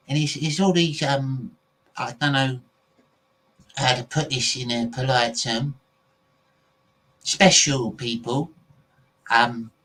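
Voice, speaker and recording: A man's voice: medium pitch, a bit bright, rough recording. A man with an English accent hosting a podcast, chatting casually to his viewers, rambling off on tangents with plenty of fillers. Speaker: podcast host.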